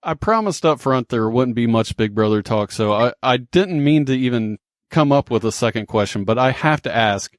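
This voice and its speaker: A male podcast host with a mid-pitched voice, asking his guest questions in a relaxed, easygoing way. The sound is close and dry, with no room around it. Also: normal speed, no echo. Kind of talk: casual interview.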